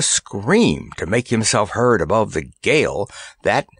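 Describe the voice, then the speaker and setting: Male audiobook narrator, expressive storytelling, lively intonation, dry close-miked studio read. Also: on the low side, unhurried, slightly rough, dry recording.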